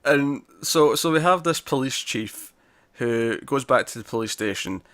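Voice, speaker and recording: A man co-hosts a casual TV review podcast, animated and exasperated, swearing now and then. His pitch sits in the middle for a man. The sound is dry and close, with no room echo. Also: a little slow. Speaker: podcast co-host.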